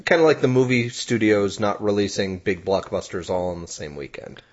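A man co-hosting a podcast in casual chat, jokey and quick to laugh. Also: fairly low pitch, highs cut off. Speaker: podcast co-host.

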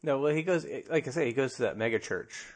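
A man's voice: mid-range voice, lively intonation, quick pace. A man hosting a skeptic podcast, chatting casually and joking with laughter. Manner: jokey, laughs often, playful. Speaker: podcast host.

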